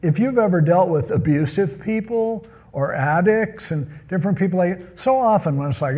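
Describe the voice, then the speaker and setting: A man's voice: high-pitched, lively intonation, normal speed, few pauses, dark tone, husky. A man preaching a sermon in a conversational way, often acting out the people he quotes. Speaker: pastor.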